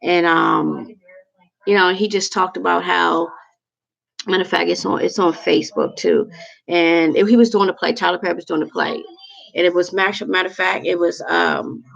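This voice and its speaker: A woman with a very gravelly, fry-heavy voice on the lower side talks to her viewers as y'all, giving heartfelt, preachy advice in a casual motivational stream. The sound is dull and lo-fi. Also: steady tone, normal speed, fairly bright tone. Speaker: livestream host. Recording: dull lo-fi recording.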